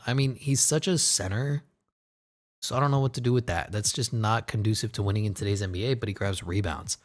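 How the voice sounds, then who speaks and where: A man giving casual, excitable commentary over a basketball video game, joking, laughing and swearing as he plays. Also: fairly low pitch. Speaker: gaming commentator.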